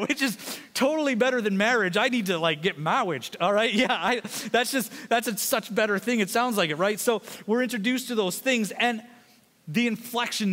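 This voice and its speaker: A man pastor preaching a sermon in a fast, conversational way, with joking asides to the congregation. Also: high voice, fairly bright tone, big-room sound.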